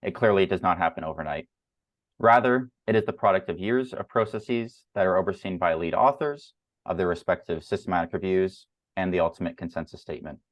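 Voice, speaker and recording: A man hosting an academic journal club, presenting slides in a measured way with frequent fillers and repeated words over a video call. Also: sits low, no echo, lo-fi sound.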